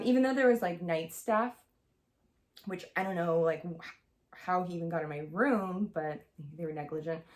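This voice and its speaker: A young woman telling a personal story to camera in a casual, candid way, full of "like" and "um". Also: lowish voice. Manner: chatty, heavy use of "like" and "um", candid. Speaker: vlogger.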